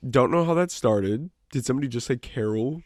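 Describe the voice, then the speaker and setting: A man co-hosting a podcast who rambles through long stories and swears freely. His voice sits at an ordinary middle pitch. The studio mic sound is close and dry. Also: animated, brisk, no room sound. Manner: swears a lot, rambling storytelling. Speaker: podcast co-host. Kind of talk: casual podcast chat. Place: small studio.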